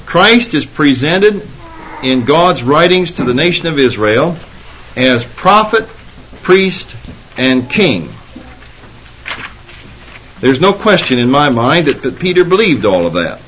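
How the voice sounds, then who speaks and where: A man's voice: fairly high pitch, sing-song, takes it slowly, long pauses, fairly bright tone, slight background noise. A man preaching a sermon, rising emphatically when quoting Scripture. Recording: dull lo-fi sermon recording.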